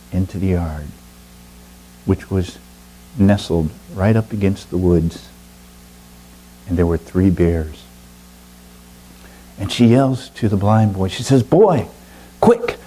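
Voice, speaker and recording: A man telling a folk tale aloud with slow, drawn-out, dramatic pauses. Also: lowish voice, mellow, husky, rough recording. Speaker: storyteller. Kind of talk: oral storytelling.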